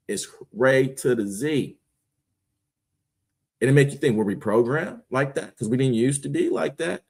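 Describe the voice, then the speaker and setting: A man's voice: medium pitch, unhurried, creaky, long pauses, darkish tone, husky. A man hosting his own stream, giving an impassioned, preachy monologue full of slang and rhetorical questions. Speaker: streamer, host.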